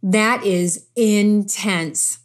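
A woman's voice: medium pitch, extremely slow. A woman preaching a sermon in an emphatic, conversational way, repeating phrases for stress and dropping casual asides between scripture readings.

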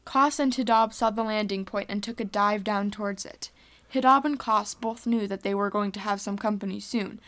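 A woman's voice: medium pitch, fairly bright tone. A woman earnestly reading a homemade space adventure story aloud.

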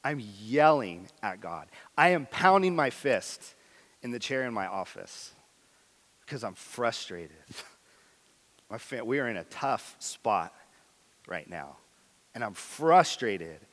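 A man preaching a sermon as pastor, earnest and candid, moving between loud emphasis and quiet intensity. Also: medium pitch, big pitch swings, slow, long pauses. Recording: long hall reverb.

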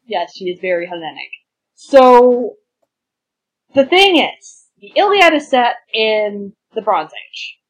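A woman's voice: a little high, big pitch swings, slow pace, low-quality recording. A woman co-hosting a podcast, chatting casually and enthusiastically about history and stories, with crude humor. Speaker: podcast co-host. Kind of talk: casual chat.

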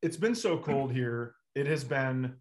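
Animated man telling stories casually. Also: medium pitch, measured pace, heavy background noise. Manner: animated storyteller acting out dialogue. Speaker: comedian guest. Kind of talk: casual storytelling chat.

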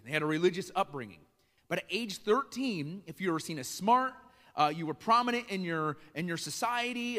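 A middle-aged man from Iowa preaches a conversational sermon in a bright, forceful voice. He asks the crowd questions, acts out little scenes, and his voice rings through a large church hall. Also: sits high. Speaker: pastor.

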